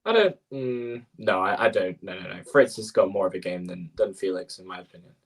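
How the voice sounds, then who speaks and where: A man calling live tennis play-by-play as co-host, brisk and quick to correct himself with apologetic asides. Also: low-pitched, animated, slightly rough.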